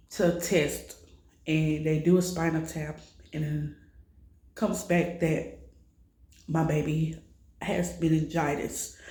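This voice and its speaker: A woman's voice: low-pitched, a little mellow, reverberant. A woman recounting her child's illness in a personal vlog, raw and distressed, swearing freely as she tells it. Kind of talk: emotional personal vlog storytelling.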